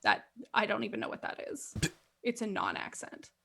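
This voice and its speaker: A woman's voice: mid-range voice, huge pitch swings, normal speed, vocal fry, bright, forceful tone, a little hiss or hum. A woman playing in a live tabletop game, nervous and self-mocking but playful. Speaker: player. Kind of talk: casual chat during a live tabletop game.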